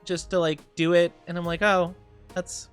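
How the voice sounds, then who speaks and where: A woman's voice: lowish voice, flat delivery, normal speed, clean tone, faint music behind. A woman streaming live, chatting casually and reading chat, giggly and rambling, her voice slightly scratchy today. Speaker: VTuber streamer.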